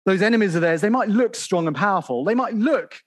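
Male preacher, high-pitched, animated sermon delivery with loud bursts and long scripture readings. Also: a little fast. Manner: animated, calls out loudly in bursts; reads scripture aloud at length.

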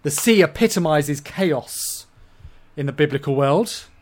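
An expressive man from England preaching a sermon to his congregation. His voice sits a little higher than most men's. He swings between loud, emphatic peaks and quiet, hushed asides. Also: a little slow.

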